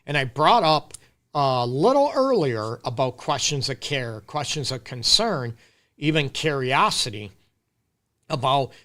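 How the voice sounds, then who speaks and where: A middle-aged man doing a live-stream advice Q&A as a relationship counselor talks casually and emphatically to his viewers. He has a mid-range, slightly bright voice with big pitch swings and a slightly slow delivery.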